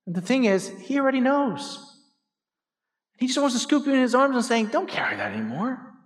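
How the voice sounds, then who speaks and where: Lively high-voiced pastor in a hall. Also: male voice, moderate pace. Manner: animated storytelling, speaks to the congregation directly. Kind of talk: sermon. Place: church sanctuary. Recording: hall reverb.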